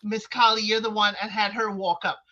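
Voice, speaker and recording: A woman co-hosting a casual reality TV recap, speaking in an expressive, emphatic and teasing way. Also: mid-range voice, brisk, lo-fi sound. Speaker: co-host.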